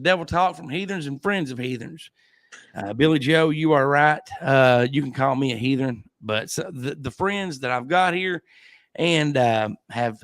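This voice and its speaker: A man's voice: mid-range voice, dry recording. A man hosting a casual livestream chat, telling rambling stories and laughing often. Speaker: podcast host.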